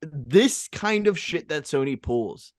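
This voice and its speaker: A man's voice: fairly high pitch, animated, takes it slowly, no echo, studio quality. A man co-hosting a podcast, talking in an emphatic, casual way and swearing freely. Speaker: podcast co-host. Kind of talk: casual chat.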